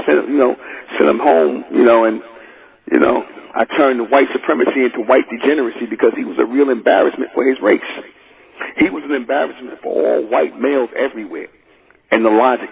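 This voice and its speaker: Gravelly-voiced man hosting talk radio. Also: medium pitch. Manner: preachy, emphatic. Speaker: radio host. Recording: tinny phone-line radio recording.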